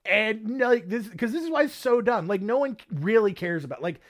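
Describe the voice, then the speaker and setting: A man's voice: high-pitched, expressive, moderate pace. A man hosting a casual history podcast, jokey and rambling, with many filler words. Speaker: podcast host.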